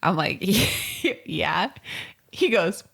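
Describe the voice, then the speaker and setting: A woman's voice: on the low side, expressive, extremely slow, gravelly, fairly bright tone, breathy edge. A woman in her thirties co-hosting a podcast in casual chat, bubbly, laughing often and acting out what people said. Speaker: podcast co-host.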